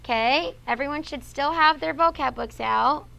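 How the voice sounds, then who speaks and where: A woman's voice: sits high, normal speed, gravelly, pushed and bright, poor audio. A woman teacher running a classroom lesson on vocabulary and spelling rules. She explains patiently and checks in with "okay?" after nearly every point.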